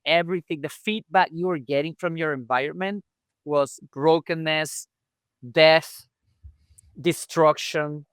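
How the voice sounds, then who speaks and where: Man, fairly high voice, smooth and clear, dry close mic, animated storyteller, podcast interview. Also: measured pace, no echo. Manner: animated storyteller acting out remembered dialogue. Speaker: chiropractor guest.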